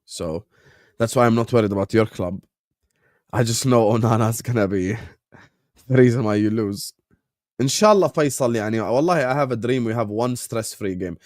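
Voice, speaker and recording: A man's voice: mid-range voice, moderate pace, a little mellow, no echo, clean studio sound. A man with a Jordanian Arabic accent, hosting a casual live-stream watchalong while a bit sick, bantering with viewers and switching between English and Arabic. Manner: bantering with viewers, reading out chat names. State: a bit sick, on cough syrup. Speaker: watchalong host.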